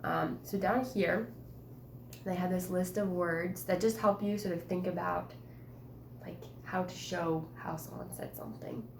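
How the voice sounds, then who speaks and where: A woman's voice: fairly low pitch, fairly even intonation, unhurried, vocal fry, roomy sound, background noise. A woman teacher guiding a writing conference, chatty and encouraging, with many fillers.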